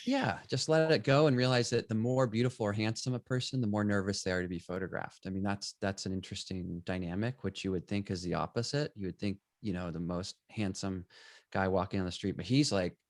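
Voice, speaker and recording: A middle-aged man, a photographer and guest, telling stories in conversation and acting out bits of dialogue with lively energy. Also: on the low side, brisk, no echo. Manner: animated, acts out quoted dialogue. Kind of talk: conversational storytelling.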